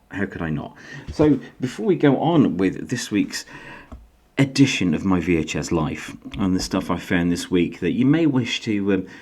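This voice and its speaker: A deep-voiced YouTube host and author from Yorkshire, England, with a faded Yorkshire accent, records a casual solo vlog. He's chatty and self-deprecating, and his pitch jumps about lively.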